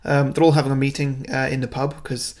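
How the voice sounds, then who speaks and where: A man co-hosting a podcast and chatting in a relaxed way, with lots of fillers as he reads through his script. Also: medium pitch, fast. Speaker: podcast co-host reading his fan script. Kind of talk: casual podcast chat.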